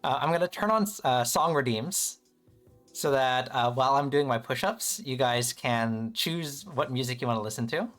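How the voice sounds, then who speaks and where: A man live-streaming casually to his chat, playful and excitable, joking about himself and rambling as he sets things up. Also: medium pitch, normal speed, soft background music. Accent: American. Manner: playful, chatty, self-deprecating, excitable.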